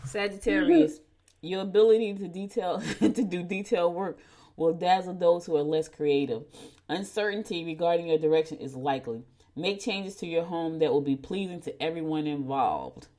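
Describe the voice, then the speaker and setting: Chatty woman, low-voiced host. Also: animated, moderate pace, dark tone. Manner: chatty storyteller, laughs at herself, folksy. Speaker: morning show host. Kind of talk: casual chat and horoscope reading.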